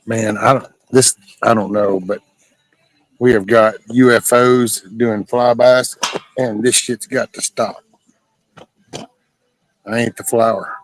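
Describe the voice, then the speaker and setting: A man's voice: fairly low pitch, fairly even intonation, slow pace, pauses often, no echo. A man from Southeast Texas, chatting casually and joking with viewers while reading their comments on a livestream. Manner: laid-back, folksy and profane, joking with chat. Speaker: livestream host.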